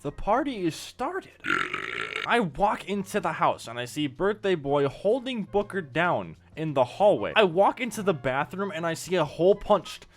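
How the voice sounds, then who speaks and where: A man's voice: fairly high pitch, sing-song, normal speed, few pauses. A man casually telling a funny story from his past, emphatic and laughing often at his own tale. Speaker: gaming YouTuber telling a story. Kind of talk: casual storytime narration over gameplay.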